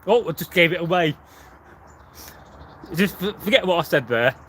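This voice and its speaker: Speaking in a high register with lively intonation and a fairly bright tone, this man keeps a moderate pace over slight background noise. He's a history channel host fielding viewer questions in a loose, chatty live session, rambling and restarting, full of fillers.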